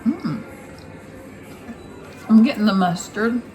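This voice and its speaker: A woman hosting a home cooking vlog. She chats warmly and directly to her viewers and raves about the food. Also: medium pitch, expressive, takes it slowly, faint music behind. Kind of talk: casual cooking vlog chat. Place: home kitchen.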